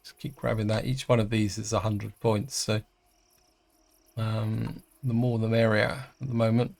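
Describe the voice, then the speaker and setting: A middle-aged man giving casual let's-play commentary, chatty and hesitant, thinking aloud with many pauses. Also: lowish voice, flat delivery, vocal fry, darkish tone. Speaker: gaming channel host.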